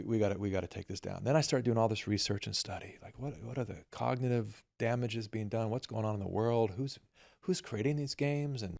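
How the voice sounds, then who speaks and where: A middle-aged man, a filmmaker guest, telling animated family anecdotes and acting out the dialogue. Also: mid-range voice, gravelly. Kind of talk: storytelling in conversation.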